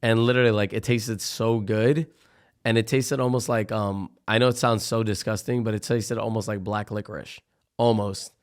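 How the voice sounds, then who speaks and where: A man's voice: lowish voice, moderate pace. Young man rambling in casual podcast chat. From Florida. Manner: rambling, filler-heavy, animated retellings. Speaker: podcast guest, photographer.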